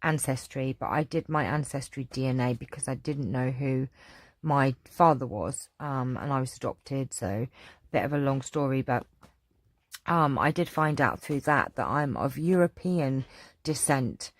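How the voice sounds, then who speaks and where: A woman's voice: extremely low pitch, unhurried. A middle-aged English woman with an English accent, chatting casually and rambling with lots of ums as she answers viewer questions. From England. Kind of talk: casual chat.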